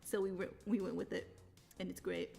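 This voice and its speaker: A woman's voice: fairly low pitch, moderate pace, vocal fry, soft background music. A woman livestreamer chatting casually with her viewers, laughing often between sentences and telling stories animatedly. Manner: animated storyteller. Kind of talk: casual live-stream chat.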